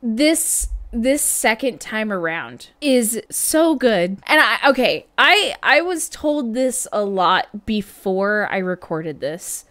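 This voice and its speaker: A woman's voice: on the high side, big pitch swings, slow, few pauses, a bit bright. Chatty woman reacting to music. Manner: chatty, laughs often, hums and scats riffs. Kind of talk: casual music reaction commentary. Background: faint music.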